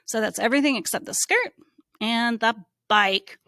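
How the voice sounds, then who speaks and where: A woman who teaches reading, giving a slow, encouraging phonics lesson to young children and sounding out letters. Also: fairly high pitch, expressive, sharp tone, no room sound, studio quality.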